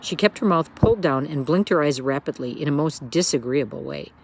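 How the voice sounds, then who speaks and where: A woman reads a children's book aloud. Her narration is expressive and lilting. She sounds like a storyteller. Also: low voice, fairly quick, a little hiss or hum.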